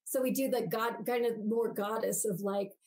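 Animated woman guest, higher voice. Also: moderate pace, rough recording. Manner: animated, acts out everyday voices while explaining. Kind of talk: podcast interview.

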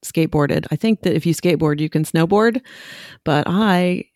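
A woman's voice: normal speed, no room sound, clean studio sound. A woman on a podcast telling a story casually, acting out the lines she quotes. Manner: animated, acts out quotes with big pitch jumps. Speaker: podcast guest.

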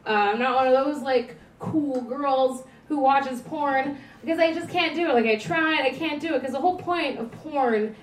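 A woman in her twenties doing self-deprecating stand-up comedy, halting with fillers. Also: high voice. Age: 20s. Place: comedy venue, stage. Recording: echoey room recorded from a distance.

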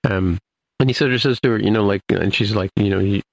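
A man talks through an episode recap in a loose, rambling way, like a podcast co-host chatting. His voice sits low, with a gravelly, creaky edge. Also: quick pace, low-quality recording. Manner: rambling, loosely retelling scenes. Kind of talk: casual episode recap chat.

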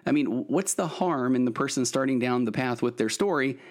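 With brisk delivery and lively intonation, a medium-pitched middle-aged man hosts a solo advice podcast as a therapist. His earnest guidance wanders, and he frequently starts sentences over.

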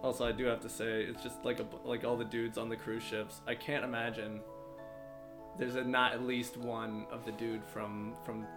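A man's voice: mid-range voice, little pitch movement, normal speed. Laid-back young male podcast co-host. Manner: loose, laid-back, swears and mimics. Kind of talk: casual chat. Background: guitar music.

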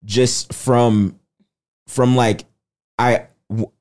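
A man's voice: medium pitch, steady tone, drawn-out words, darkish tone. A man co-hosting a casual podcast, talking in a rambling way with many restarts. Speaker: podcast co-host.

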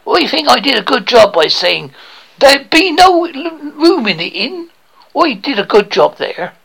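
A man's voice: very high-pitched, sing-song, normal speed, gravelly, a bit bright, breathy edge, voice pushed up, heavily acted. A man playing a naive, gullible young actor in an improvised radio sketch, with folksy, broken grammar. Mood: earnest.

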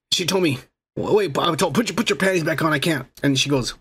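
Raspy, bright-voiced podcast co-host man. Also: on the high side, animated, fast talker. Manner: crude, boastful, joking. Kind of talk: casual drunk chat.

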